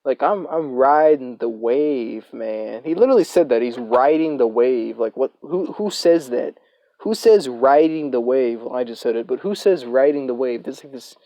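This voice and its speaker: Rambling young man, mellow voice. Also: mid-range voice, no room sound. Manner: rambling, profane, filler-heavy. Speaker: storyteller. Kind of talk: casual storytime vlog.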